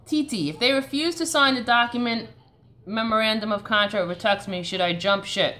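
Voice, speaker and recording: A woman's voice: a little high, normal speed, sharp tone. A woman with a Long Island New York accent, hosting a casual live stream and answering viewer questions in a chatty, coaching way.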